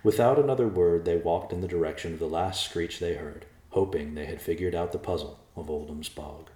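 Deep-voiced man reading a story. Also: a little fast, dark tone. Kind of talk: read-aloud story narration. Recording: roomy echo.

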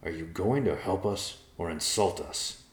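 A man's voice: low voice, unhurried. A man voicing a blunt, grumpy male bear who complains and mutters. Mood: grumbling. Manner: gruff, complaining. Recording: roomy echo.

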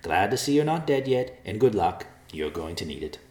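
A man's voice: on the low side, very animated, moderate pace, darkish tone, pitched above the performer's own voice. A man voicing a small, smug male white mouse who talks down to everyone sarcastically. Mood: indignant. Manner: sarcastic, superior, indignant. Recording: roomy echo.

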